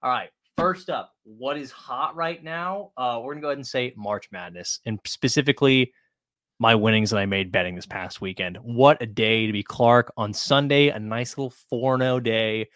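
Male co-host, bright and dry, animated casual sports banter. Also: medium pitch, normal speed, dry recording. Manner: animated, joking, swears casually. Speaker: podcast co-host.

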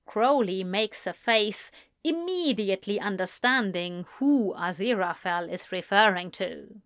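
A woman narrating a story aloud at a slow, unhurried pace, her fairly high voice rising and falling expressively. The recording is dry and close, with no room sound. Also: animated, no room sound. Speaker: audiobook reader. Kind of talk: narrating fan fiction aloud.

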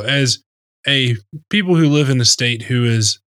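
A man's voice: medium pitch, a little slow, a bit bright, dry recording, clean studio sound. A man co-hosting a casual sports talk show, joking and rambling with lots of fillers. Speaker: podcast co-host.

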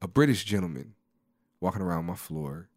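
A man's voice: deep voice, lively intonation, brisk, a little mellow, no room sound, clean studio sound. A man in his thirties co-hosting a podcast, telling stories in a casual, rambling way full of restarts. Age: 30s. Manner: storytelling, lots of restarts and "you know". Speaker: podcast co-host. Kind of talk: casual chat.

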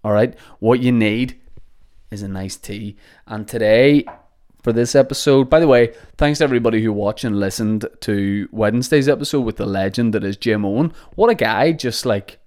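A man's voice: on the low side, moderate pace, a little mellow. A young man hosting a podcast, rambling and joking with plenty of swearing. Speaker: podcast host. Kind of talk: casual comedic monologue. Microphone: podcast microphone.

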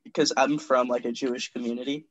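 A man's voice: medium pitch, fairly even intonation, fast, no room sound, dull audio. A man co-hosting a casual comedy podcast, rambling through stories with lots of filler words.

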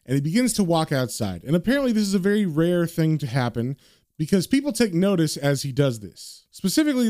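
Lively man recapping a comic. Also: a little high, no echo, clean studio sound. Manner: conversational, reads narration slowly. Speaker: comic book reviewer. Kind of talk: casual recap commentary.

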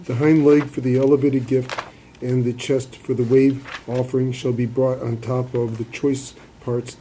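A man reads scripture aloud to a study group, steady but stumbling now and then. His voice is very dark and mellow. Faint background noise sits underneath. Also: medium pitch, low-quality recording. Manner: steady reading with small stumbles. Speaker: class participant reading aloud.

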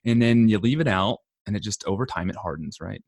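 A man's voice: fairly low pitch, fairly quick, darkish tone, no room sound. A man hosting a podcast from his home office, chatting casually and rambling with lots of restarts and "right?" tags. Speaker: podcast host. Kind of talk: casual interview chat.

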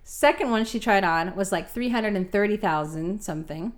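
A woman's voice: mid-range voice, moderate pace. Chatty woman podcast co-host. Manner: animated storyteller, acts out voices. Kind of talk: casual chat.

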